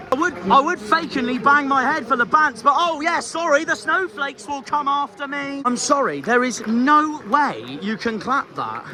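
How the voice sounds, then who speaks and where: A man's voice: very high-pitched, moderate pace, over music. A man, a football fan vlogger ranting outdoors by a marina, angry and despondent, with swearing. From South West England. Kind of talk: fan rant vlog.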